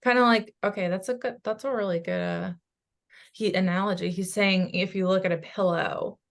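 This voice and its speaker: A woman psychic medium in casual chat, talking in an animated, rambling way with quick asides. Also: medium pitch, vocal fry.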